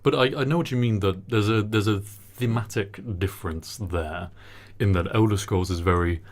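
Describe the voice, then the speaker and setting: A man's voice: on the low side, normal speed. A man chatting casually as co-host, joking and rambling with plenty of ums. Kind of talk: casual chat.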